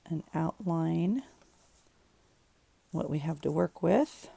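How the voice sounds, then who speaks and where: A woman's voice: low voice, lively intonation, slow, vocal fry, dark tone, husky, dry recording. A woman vlogger chatting casually in her home craft room, rambling and thinking aloud as she works on a journal page. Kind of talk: casual chat while crafting.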